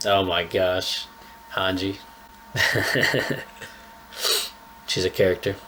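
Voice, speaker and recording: A man's voice: low-pitched, steady tone, extremely slow, bright, forceful tone. A young man hosting a casual anime reaction, chatting in laid-back slang with a slightly stuffy nose. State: a little stuffy-nosed. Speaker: anime reaction channel host.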